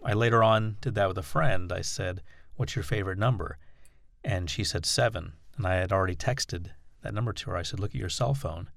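Low-voiced man explaining step by step. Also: a little fast, vocal fry, fairly bright tone, dry recording, studio quality. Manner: patient, explains step by step with examples. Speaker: instructor. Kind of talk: instructional talk.

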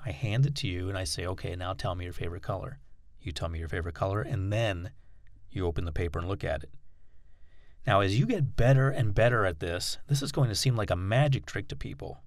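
Low-voiced man explaining step by step. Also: animated, a little fast, no room sound, studio quality. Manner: patient, explains step by step with examples. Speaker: instructor. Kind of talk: instructional talk.

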